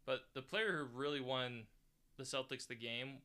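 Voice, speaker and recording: A man co-hosting a casual sports talk show, animated and quick to laugh. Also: medium pitch, clean tone. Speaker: podcast co-host.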